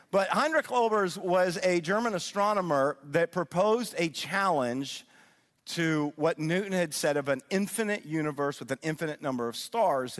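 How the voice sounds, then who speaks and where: A middle-aged man giving an animated sermon-style teaching, often checking in with his listeners. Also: on the high side. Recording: long reverb of a large hall.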